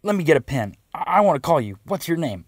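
A man's voice: fairly high pitch, sing-song, fast, slightly rough, no echo, clean studio sound, pitched above the performer's own voice. A man voicing an angry, profane middle-aged man on the phone, blustering threats.

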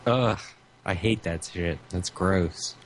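Man, very low voice, co-host, crude banter, dry short replies, faint noise. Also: slow pace.

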